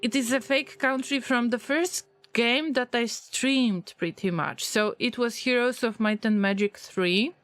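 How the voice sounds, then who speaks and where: A woman's voice: fairly high pitch, unhurried, few pauses, a bit bright. A woman streaming a game and chatting with her viewers in English, which is not her first language. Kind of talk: casual livestream chat while gaming.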